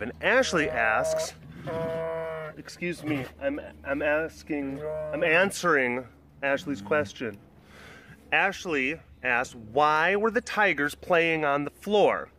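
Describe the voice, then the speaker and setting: Man, slightly high voice, animal keeper talking kids through questions, patient and simple, faint outdoor noise behind. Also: animated, takes it slowly. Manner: simple, patient, addresses each child by name. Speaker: big cat sanctuary keeper answering children's questions. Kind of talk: explaining to preschoolers.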